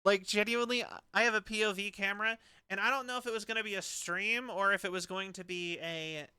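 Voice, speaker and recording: A man's voice: sits high, steady tone, a little fast, bright, forceful tone, clear, resonant tone, no room sound. A young man streaming a game, talking in a rambling, chatty way and laughing between thoughts. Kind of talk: casual game commentary.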